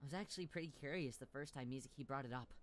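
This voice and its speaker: A woman streamer reading a visual novel aloud in first person. She breaks into loud shrieks and repeated cries, and she swears and jokes casually between lines. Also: extremely low pitch, rapid-fire.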